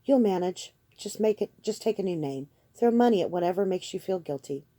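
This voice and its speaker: A woman's voice: medium pitch, lively intonation, fairly quick, mellow, no room sound, close to an everyday voice. A woman voicing an earnest, indignant young servant. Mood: hurt. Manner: indignant, direct, hurt.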